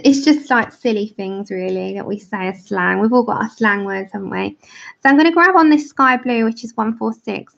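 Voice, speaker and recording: An English woman with a raised pitch and a gravelly edge chats casually to her viewers, explaining as she goes. The sound is dull and lo-fi, like a home livestream picked up on a basic mic. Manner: chatty, explains as she works. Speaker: livestream host. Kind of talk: casual chat while colouring.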